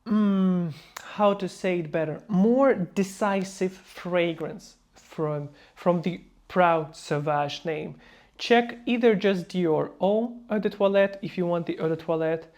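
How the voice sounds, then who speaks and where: A fragrance reviewer speaking non-native English in a high, slightly mellow voice hosts a casual review vlog. He's emphatic and playfully mocking, slipping into quick mock voices.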